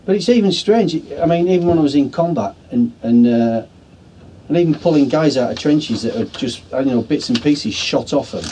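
A man's voice: a little high, expressive, normal speed, mellow, slight background noise. A man who was a military medic tells rambling, earnest anecdotes in a street interview outdoors on allotments.

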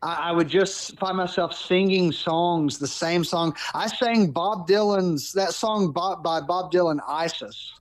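A man in his thirties telling a personal story in casual talk, animated, often restarting and repeating words. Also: sits high, a little slow, few pauses, dry recording. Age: 30s. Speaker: podcast guest.

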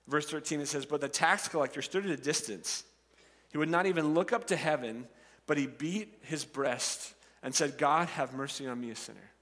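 Animated male pastor preaching in a hall. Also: on the high side. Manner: animated, acts out voices of the crowd and the characters. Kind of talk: sermon.

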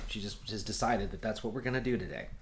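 A man's voice: lowish voice, quick pace, a little hiss or hum. A man telling a story in casual chat, profane and exasperated as he acts out both sides of phone calls.

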